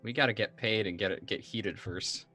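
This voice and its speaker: A man chatting as a player in a tabletop role-playing game, jokey and animated. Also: lowish voice, normal speed, over music. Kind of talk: casual tabletop game chat.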